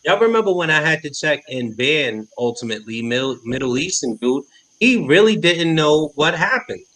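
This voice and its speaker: A man's voice: fairly high pitch, expressive, fairly bright tone, poor audio. A man joking with a podcast panel in heavy slang. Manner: joking, slangy, quick comebacks. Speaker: podcast co-host. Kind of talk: casual panel chat.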